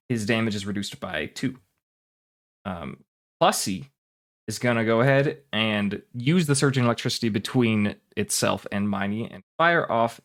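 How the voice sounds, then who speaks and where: A man's voice: lowish voice, a bit bright. A man narrating as game master of a tabletop game, talking casually with plenty of fillers.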